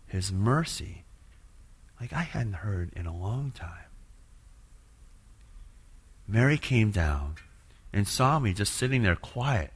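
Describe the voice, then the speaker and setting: A man telling an earnest spoken testimony of faith, moving between hushed passages and loud, impassioned ones. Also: fairly low pitch, animated, slow pace, long pauses, husky. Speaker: churchgoer sharing a personal testimony.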